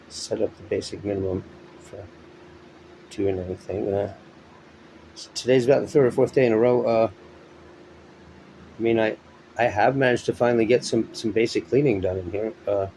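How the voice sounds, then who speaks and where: A weary man with a lowish voice talks his morning thoughts aloud at home, short of breath and halting between phrases. A fan hums faintly behind him. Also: background noise. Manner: weary, halting, with many pauses and fillers. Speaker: vlogger. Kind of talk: rambling morning monologue. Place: at home indoors. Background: electric fan running.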